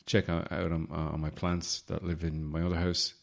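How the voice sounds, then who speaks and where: A man hosting a casual solo podcast from home, rambling with deadpan joking asides. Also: deep voice, normal speed, gravelly. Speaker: podcast host. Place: home in the city centre.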